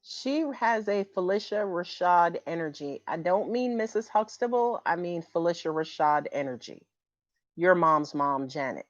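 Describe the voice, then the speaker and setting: A woman's voice: on the low side, animated, normal speed, dry recording. A woman giving a livestream tarot reading who grows emotional and keeps asking viewers for confirmation, heard over dull lo-fi audio. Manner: emotional, repeatedly asks for confirmation. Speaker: tarot reader.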